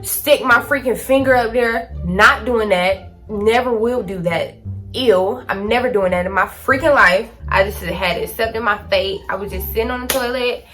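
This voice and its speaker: Teen woman vlogger, bright and forceful voice, pitched a little high, dramatic casual storytelling into a phone. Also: moderate pace, faint music behind. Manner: dramatic, animated storytelling with slang. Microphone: phone camera.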